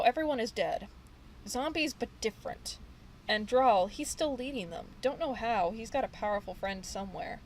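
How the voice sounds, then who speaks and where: Brief: woman reads nervous young male gang dropout, slangy, mid-pitched. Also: a little hiss or hum, natural voice, low-quality recording. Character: frightened young male ex-gang member, street-talking. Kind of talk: reading game dialogue aloud.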